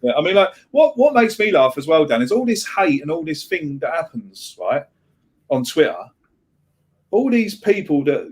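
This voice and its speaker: A man's voice: a little high, sing-song, moderate pace. A man co-hosting a casual podcast chat, rambling, repeating himself and swearing freely. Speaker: podcast co-host.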